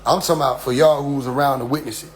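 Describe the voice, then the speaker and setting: A middle-aged man giving a casual, preachy spoken address to his followers, often asking "you see?" and dropping into quiet asides. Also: mid-range voice, fairly even intonation, fast talker. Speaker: community leader addressing followers.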